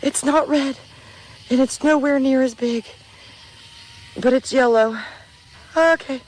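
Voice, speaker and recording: A woman filming herself outdoors in dark woods at night on a handheld camera, talking to viewers in a frightened, pleading, panicky way and swearing. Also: sits high, takes it slowly. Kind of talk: frightened live commentary to viewers.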